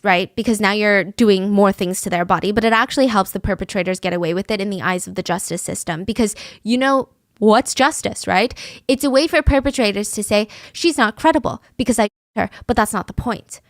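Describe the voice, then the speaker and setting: A woman hosting a true crime podcast, telling the case in an animated, indignant way. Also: medium pitch, no echo, clean studio sound. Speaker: podcast host.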